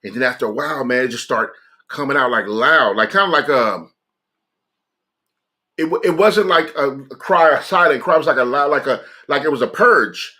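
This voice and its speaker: Earnest male streamer with a bright, forceful voice, recounting a personal story casually. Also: mid-range voice, normal speed. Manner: earnest, conversational, repeats phrases for emphasis. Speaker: livestreamer sharing a personal testimony.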